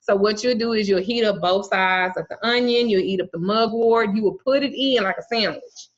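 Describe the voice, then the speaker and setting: A woman's voice: medium pitch, normal speed. A woman teaching a casual online herb class in a blunt, bawdy, profane way. She jokes as she teaches and spells out herb names letter by letter. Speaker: herbal and spiritual teacher. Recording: muffled lo-fi sound.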